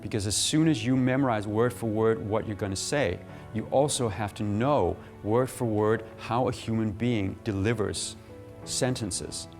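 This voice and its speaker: A man teaching a public speaking workshop, animated and laughing often. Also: fairly low pitch, a little slow, soft background music. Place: workshop room.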